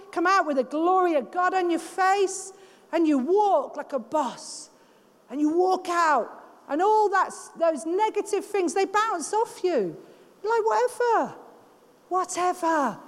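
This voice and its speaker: Rich: A woman with a very high voice preaching to a room of women. She exhorts with emphatic, animated conviction. Her voice carries a long, ringing hall reverb. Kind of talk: sermon.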